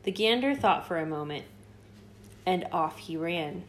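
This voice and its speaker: A woman hosting a children's read-aloud, telling the story gently and expressively. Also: on the low side, lively intonation, measured pace, background noise. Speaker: host reading to children.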